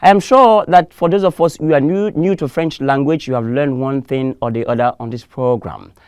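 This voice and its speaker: A man's voice: medium pitch, moderate pace, darkish tone, smooth, dry recording, clean studio sound. A man teaching a televised French lesson, drilling words through repetition and call and response.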